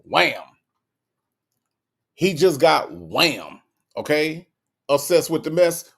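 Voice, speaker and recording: A man's voice: fairly high pitch, takes it slowly, vocal fry, pauses often, slightly rough. A man giving comic reaction commentary, teasing and talking straight to his viewers. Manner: animated, teasing, addresses viewers.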